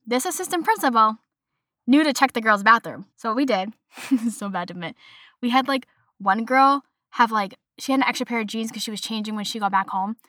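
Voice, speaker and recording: A woman's voice: on the high side, animated, a little fast, a bit bright, no echo, studio quality. A young woman in her twenties hosting a casual solo podcast, ranting in an exasperated, chatty way and mimicking others in quotes. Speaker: podcast host.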